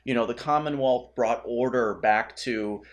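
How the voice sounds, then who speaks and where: A man's voice: mid-range voice, a little slow. A man co-hosting a comic review podcast in casual chat, agreeing often and talking with frequent fillers. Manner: chatty, agreeing, with many fillers and restarts.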